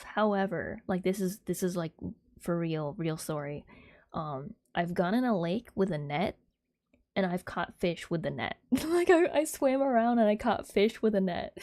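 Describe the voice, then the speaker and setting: A young woman livestreamer chatting casually with viewers in a soft, airy, giggly way, rambling with lots of fillers. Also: lowish voice, no echo, clean studio sound.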